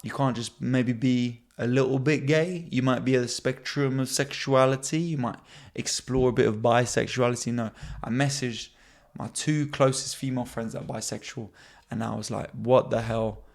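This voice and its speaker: A young man, a comedian hosting his own podcast, telling stories in a casual, animated way and jumping into high voices when he quotes people. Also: normal speed, vocal fry. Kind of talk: casual storytelling monologue.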